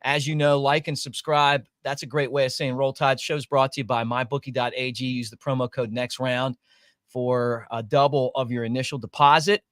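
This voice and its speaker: A man hosting a sports talk show, talking in an animated, emphatic way. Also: medium pitch, moderate pace, no echo, clean studio sound.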